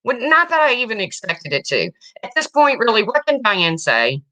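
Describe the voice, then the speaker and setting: A woman's voice: on the high side, very animated, normal speed, bright, forceful tone. A woman hosting a casual livestream, chatting and answering viewer comments as they come in. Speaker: livestream host.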